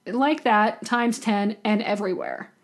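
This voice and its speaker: A woman's voice: medium pitch, unhurried. A young woman co-hosting a podcast in casual chat, frank and reassuring, with some casual swearing. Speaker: podcast co-host.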